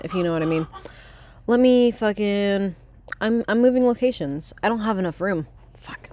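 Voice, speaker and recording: A woman hosting a book club podcast in a rambling, excitable, casual chat, swearing freely, outdoors by a chicken coop and filmed on a handheld phone. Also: lowish voice, slight background noise. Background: chickens clucking.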